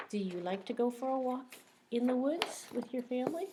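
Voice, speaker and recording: A woman teacher reading a picture book aloud to young children, gently asking them questions along the way. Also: high voice, lively intonation, normal speed, a little hiss or hum.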